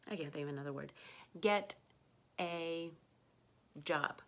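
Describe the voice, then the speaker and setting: An American woman giving an online pronunciation lesson, speaking slowly and patiently, repeating words for learners to copy. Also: on the low side, fairly bright tone. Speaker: English pronunciation teacher.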